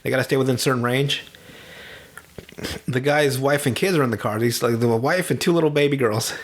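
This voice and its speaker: A young man with a medium-pitched voice hosts a podcast, casually retelling a movie. He laughs a lot, swears, and tosses in quick impressions of the characters.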